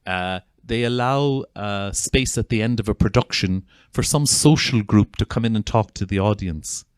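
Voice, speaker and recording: A man's voice: lowish voice, normal speed, clear, resonant tone, no echo. An Irish man, a psychotherapist, giving an earnest, heartfelt talk to an audience, with frequent restarts. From Ireland. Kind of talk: informal talk to an audience introducing a video.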